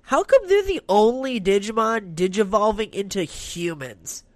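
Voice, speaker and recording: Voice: mid-range voice, expressive, a little slow, no room sound. A person in casual chat who jokes around and slips into silly voices.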